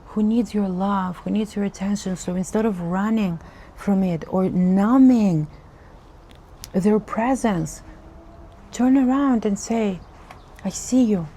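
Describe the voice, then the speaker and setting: A woman's voice: mid-range voice, warm tone, a little hiss or hum. A woman giving an earnest, emotional spiritual message as a tarot reader, repeating herself for emphasis. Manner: slow, earnest, repetitive, emotional.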